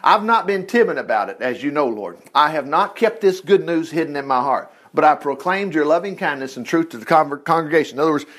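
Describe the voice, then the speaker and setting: A man gives an informal Bible lesson. His voice sits high for a man and swings widely in pitch. He jumps between reading scripture and excited asides of his own. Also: fairly quick, hardly any pauses. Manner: animated, reads scripture aloud with asides. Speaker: Bible teacher.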